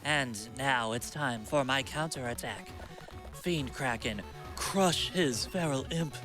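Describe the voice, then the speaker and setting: A man's voice: mid-range voice, slow pace, music in the background, natural voice. A man voicing a boastful young male sea duelist, reading his lines with grand, theatrical taunts. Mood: gloating.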